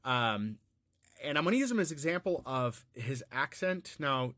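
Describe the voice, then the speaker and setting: A man's voice: mid-range voice, very animated, normal speed, pushed and bright, dry recording, clean studio sound. An American man giving unscripted, musing commentary, often restarting his sentences. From United States. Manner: rambling and musing, frequent restarts and fillers.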